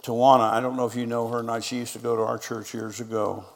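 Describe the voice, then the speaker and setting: Here a middle-aged pastor tells stories from the pulpit, quoting people in back-and-forth exchanges. He talks fast in a mid-range voice with little pitch movement and vocal fry, and the sound has a big-room quality.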